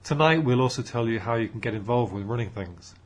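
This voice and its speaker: A man's voice: mid-range voice, lively intonation, fairly quick, close to an everyday voice. A man reading an audiobook, voicing an eager, upbeat young man rousingly addressing a room. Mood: enthusiastic. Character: young male group leader, eager and upbeat.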